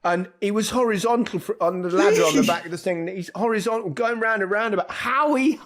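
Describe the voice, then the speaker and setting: A man's voice: high-pitched, brisk, fairly bright tone, slight background noise. A man hosting a podcast, reminiscing in casual chat and often repeating words as he goes. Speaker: podcast host.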